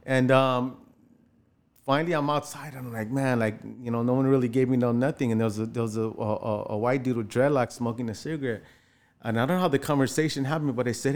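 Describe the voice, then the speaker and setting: A man in his forties, an actor telling casually how he broke into film, acting out quoted voices with sudden jumps in pitch. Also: fast. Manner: animated, acts out quoted voices with jumps in pitch, many fillers. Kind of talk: casual storytelling interview.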